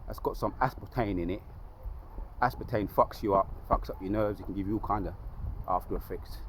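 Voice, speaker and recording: A man's voice: fairly low pitch, a little fast, a little hiss or hum. Emphatic man preaching outdoors. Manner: emphatic, repetitive, restarts often. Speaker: street preacher. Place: outdoors, by a lake.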